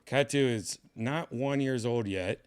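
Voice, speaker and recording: A man's voice: mid-range voice, a little slow, smooth. A man hosting a casual home vlog, rambling in a laid-back way while showing his cats in a room at home. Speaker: host showing his pets.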